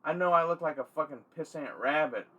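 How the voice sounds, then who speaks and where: A man's voice: fairly high pitch, brisk, fairly bright tone, highs cut off, voice pushed up. Man doing a swaggering rabbit alien brawler, foul-mouthed, taunting, cocky male toy figure. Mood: defiant.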